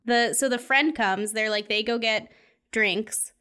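A woman's voice: a little high, unhurried, smooth. Chatty young woman retelling a film. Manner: animated storytelling, acts out quotes, laughs often. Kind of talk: casual chat about a film.

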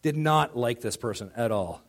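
A man preaching a sermon as pastor, animated and quick to act out what others say, often restarting his words. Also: mid-range voice. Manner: animated, acts out quoted voices, frequent stammered restarts.

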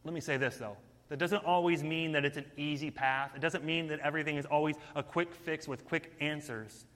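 Guy giving a lively sermon, kinda high bright voice, big reverby hall sound. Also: brisk. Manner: energetic, conversational preaching.

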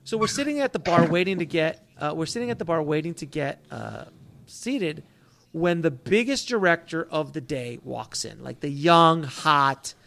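A man in his thirties tells a long personal story as a guest on a talk show. He speaks a bit higher than most men and animates his quotes with different voices. His delivery is casual and full of restarts. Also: lively intonation, normal speed, creaky, a bit bright. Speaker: author guest.

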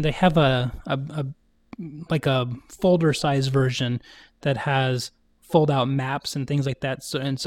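A man in a casual Bible study chat who speaks warmly and enthusiastically, affirming what the others say. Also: medium pitch. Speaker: co-host in a Bible study talk.

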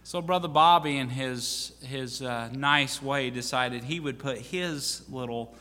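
A man's voice: medium pitch, unhurried, pushed and bright. A man preaching as pastor, telling a folksy story with restarts and fillers in a church. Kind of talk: sermon with church announcements. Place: church sanctuary. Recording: reverberant church hall.

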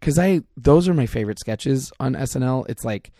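A man's voice: mid-range voice, lively intonation, brisk, mellow, no echo, studio quality. A man in casual chat, rambling enthusiastically and acting out his own thoughts as quotes.

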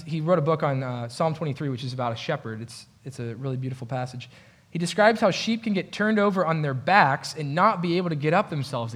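A man's voice: a little high, fairly bright tone. Casual joking male pastor preaching. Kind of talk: conversational sermon. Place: church.

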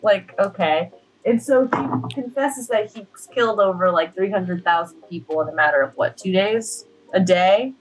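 A young woman co-hosting a podcast, rambling through a movie recap, swearing and acting out the characters in quick quoted voices. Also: medium pitch, a little hiss or hum, low-quality recording. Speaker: podcast co-host. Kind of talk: casual movie recap chat.

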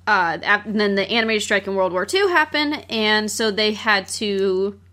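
A woman's voice: medium pitch, normal speed. Woman casually recapping a film. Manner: relaxed storytelling, recapping plot. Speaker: podcast co-host.

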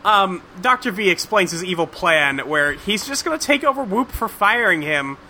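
High, bright-voiced casual podcast guy. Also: lively intonation, moderate pace, a little hiss or hum. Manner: rambling, profane, lots of fillers. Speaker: podcast host recapping a cartoon. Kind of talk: casual chat.

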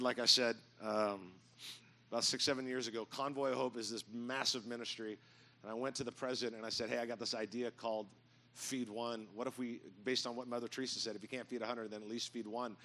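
Gravelly, bright-voiced man preaching. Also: mid-range voice. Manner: animated, jokey storyteller, bursts into loud mock yelling. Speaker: pastor. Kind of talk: storytelling sermon. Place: church auditorium with audience.

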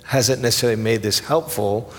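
A man's voice: mid-range voice, brisk, in a large hall. A man hosting an interview, asking thoughtful, hesitant questions. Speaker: interview host.

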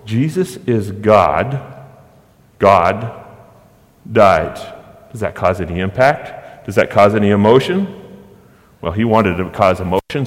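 A man preaching a sermon as pastor, emphatic, with rhetorical questions and dramatic pauses. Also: on the low side, big-room sound.

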